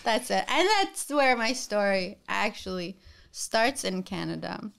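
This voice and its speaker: A middle-aged woman from the Middle East, a guest telling her personal story in an interview, animated and often picking the thread back up with "so anyways". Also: medium pitch, measured pace, gravelly, background noise. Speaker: guest, florist and talk show host.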